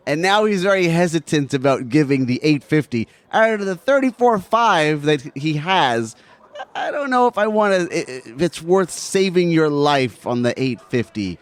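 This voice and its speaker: Male podcast host, very lively pitch, chatty questioner. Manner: chatty, laughs easily, asks questions. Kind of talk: casual chat.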